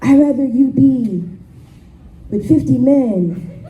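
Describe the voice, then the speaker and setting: A woman's voice: high voice, lively intonation, slow, phone-quality sound. A woman doing her stern Haitian mother. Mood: disapproving. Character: strict conservative Christian Haitian mother, older woman. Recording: echoey club from far off.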